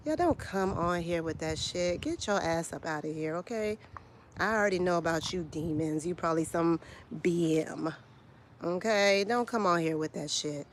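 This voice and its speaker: A woman's voice: lowish voice, unhurried, a bit bright, a little hiss or hum. A woman, delivering a blunt, profane, confrontational rant straight to camera as a vlogger. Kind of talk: heated direct-to-camera rant.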